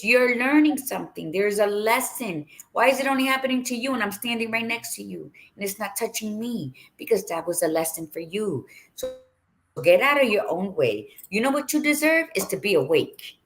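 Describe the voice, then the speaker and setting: A woman co-host in a casual motivational talk, blunt and a little preachy. Her pitch swings widely as she presses her point, lively and emphatic.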